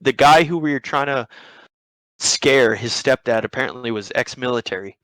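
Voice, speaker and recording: A man's voice: medium pitch, moderate pace, a bit bright, dry recording, low-quality recording. A young man hosting a podcast, telling a story in a rambling, profane way with many restarts. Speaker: podcast host. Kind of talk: casual storytelling.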